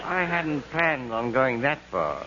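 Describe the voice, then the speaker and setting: An actor playing a harried, henpecked husband with a dry, grumbling wit, in 1940s radio comedy acting. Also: male voice, mid-range voice, very animated, takes it slowly, over a noisy crowd. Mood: mock-dying. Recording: dull, lo-fi old radio broadcast with faint hiss.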